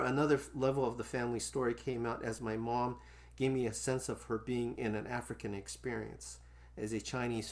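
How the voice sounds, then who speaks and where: A man's voice: medium pitch, a bit bright. A man in his sixties, a musician and teacher, talking casually and reading from his memoir over a video call, rambling with many restarts. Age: 60s. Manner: rambling and conversational, full of restarts. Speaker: musician and Asian American studies teacher. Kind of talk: casual talk with memoir reading to an online audience.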